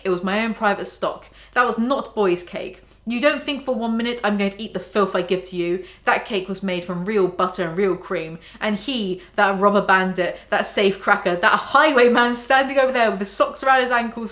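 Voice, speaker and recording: A woman voicing a huge, bullying headmistress who shouts insults at children. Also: medium pitch, normal speed, hardly any pauses, roomy sound, natural voice. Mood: furious. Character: huge bullying tyrannical headmistress, female, middle-aged.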